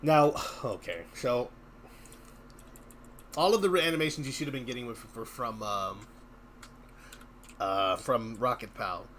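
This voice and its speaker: A man's voice: medium pitch, measured pace, pauses often, fairly bright tone, slight background noise. A man hosting a game development stream, chatting casually and joking while he works. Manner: chatty, thinks aloud, joking. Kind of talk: casual chat while working.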